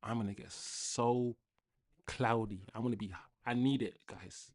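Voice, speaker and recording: A young man hosting a live football watchalong, ranting casually to his chat and swinging between loud outbursts and low muttering. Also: steady tone, measured pace. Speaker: livestream football watchalong host.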